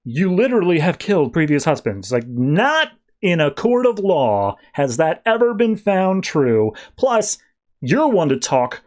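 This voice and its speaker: A man's voice: a little high, big pitch swings, a little slow, a little mellow, pitched above the performer's own voice. A man voicing a sardonic young woman, a blunt wayward sister, with a mocking manner.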